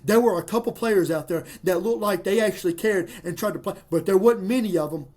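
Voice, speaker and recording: A man ranting as a fan about football rankings, exasperated and animated. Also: sits high, fairly quick. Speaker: sports commentator. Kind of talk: fan reaction commentary.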